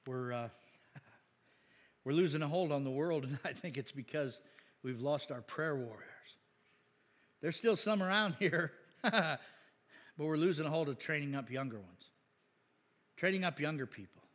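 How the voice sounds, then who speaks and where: A man preaching a sermon as a pastor, casual and jokey, laughing often and climbing to loud, emphatic peaks. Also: a little high, lively intonation, unhurried, long pauses, long reverb tail. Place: church sanctuary.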